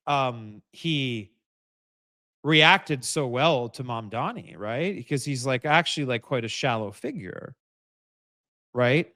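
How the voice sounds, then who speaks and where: A man's voice: medium pitch, sharp tone, no room sound, clean studio sound. A man hosting a live political commentary stream, talking in a rambling way with many restarts and emphatic repeated phrases. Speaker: host.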